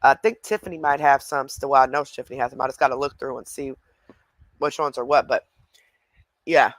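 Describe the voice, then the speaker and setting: A man's voice: mid-range voice, steady tone, a little fast, a bit bright. A man hosting a reaction video, chatting casually and talking straight to his viewers. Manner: chatty, addresses viewers directly.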